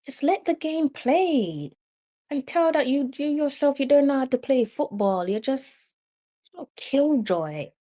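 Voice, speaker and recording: Excitable Jamaican woman, match watch-along host. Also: sits high, measured pace. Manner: excitable, argues with the referee, repeats herself.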